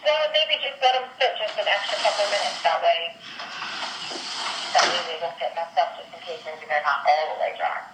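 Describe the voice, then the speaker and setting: A woman's voice: on the low side, normal speed, echoey room, background noise. A woman talking with her young child on a casual phone call, patient and reassuring.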